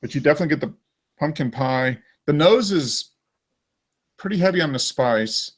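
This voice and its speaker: A man's voice: on the high side, expressive, moderate pace. A man hosting a casual beer-tasting chat, describing flavors with enthusiasm. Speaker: beer show host.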